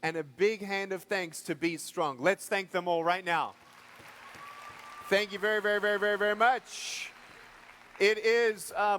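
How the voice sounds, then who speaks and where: A man with an Australian accent giving an energetic, playful motivational speech to a live crowd on a stage microphone. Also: high voice. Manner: energetic, playful, addresses the audience directly. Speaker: motivational speaker. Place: large indoor arena.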